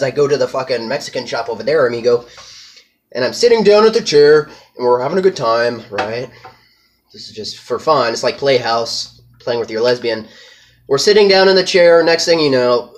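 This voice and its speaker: A man's voice: medium pitch, expressive, a little fast. A man delivering a crude, rambling comedic rant, profane and peppered with Spanish slang.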